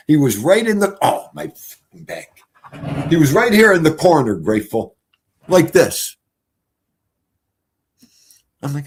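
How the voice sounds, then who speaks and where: A middle-aged man telling stories casually on a livestream, animated, swinging from loud exclamations to quiet mutters. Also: mid-range voice, slow pace, long pauses, husky. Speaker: streamer.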